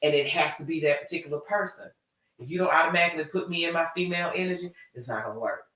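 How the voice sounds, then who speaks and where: A woman hosting a live talk show in casual chat. She is animated and expressive, swinging between loud and soft. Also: low voice, very fast. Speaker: host. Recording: echoey room, distant mic.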